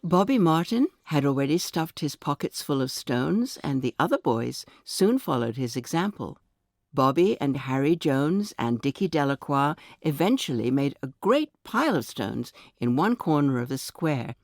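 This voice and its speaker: A woman reading a short story aloud in a measured, expressive storytelling manner. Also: low-pitched, no echo. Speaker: audiobook narrator.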